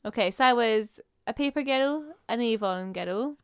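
A woman's voice: fairly high pitch, normal speed, clean tone, dry recording, clean studio sound. A woman co-hosting a podcast, chatting casually and rattling off a list with fillers. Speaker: podcast co-host. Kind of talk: casual chat.

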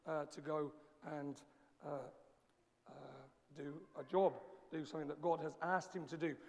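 A male preacher with a slightly croaky, fairly high voice delivers a sermon in an easygoing, conversational way. His words ring out into a long hall reverb, and he pauses often as he talks. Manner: measured, conversational preaching with frequent pauses and fillers. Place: church sanctuary, live-streamed service.

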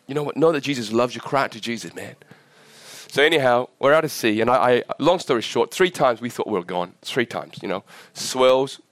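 Man in his forties, pastor preaching a sermon, sick and coughing, impassioned, even mid pitch, dry sound. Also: dry recording. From Vietnam. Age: 40s. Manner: impassioned, rising in pitch at climaxes, asks the crowd questions. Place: church.

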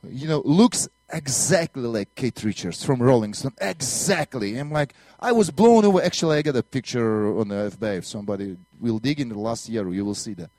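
A man's voice: medium pitch, expressive, brisk, hardly any pauses, a little mellow, no echo. Earnest Russian-accented man giving testimony. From Latvia. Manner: earnest storytelling with broken English and repeated words. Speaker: minister and missionary. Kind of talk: testimony sermon.

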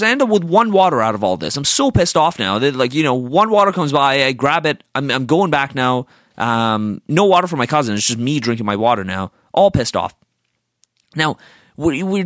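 Young man, fairly high voice with big swings, dry close sound; profane, sarcastic storyteller venting. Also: fairly bright tone, no room sound. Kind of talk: casual storytelling rant.

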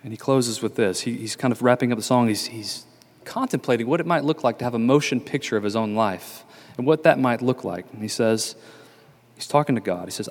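A man preaching a sermon in an earnest, measured way, repeating key phrases for emphasis. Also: medium pitch. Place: church sanctuary. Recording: long church reverb.

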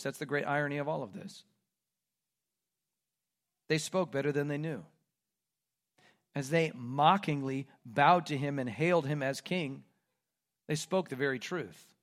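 A man preaching through a scripture passage with dramatic emphasis. His voice is high for a man, and he keeps pressing rhetorical questions. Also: a bit bright. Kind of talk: sermon on a Bible passage.

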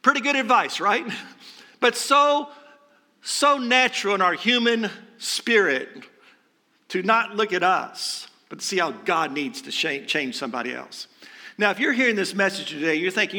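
A man's voice: high-pitched, lively intonation, moderate pace, bright, forceful tone. A male pastor preaching a sermon in a conversational way, asking rhetorical questions and dropping light jokes.

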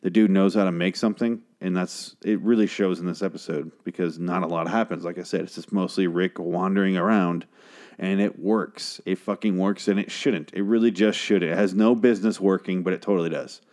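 A man talking in a hushed way late at night at home, casually recapping a TV episode and swearing often. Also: sits low, fairly even intonation, a little fast. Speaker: show recapper. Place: home at night, a girlfriend asleep in the next room.

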